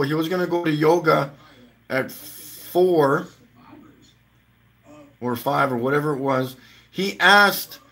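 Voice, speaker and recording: Male stream host, relaxed home chat, bright tone, loose storyteller who swears. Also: a little high. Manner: chatty, swears freely, laughs while telling stories. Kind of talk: casual rambling storytelling.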